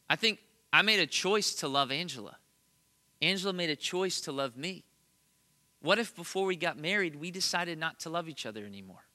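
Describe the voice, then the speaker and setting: A man's voice: fairly high pitch, sharp tone. A man in his thirties, a pastor, giving a conversational sermon with earnest points and self-deprecating humorous asides.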